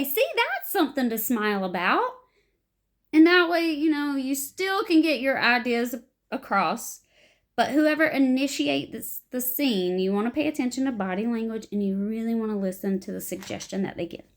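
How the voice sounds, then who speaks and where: Lively woman teaching improv basics. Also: a little high, normal speed. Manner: animated, acts out short example lines. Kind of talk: explaining improv to beginners.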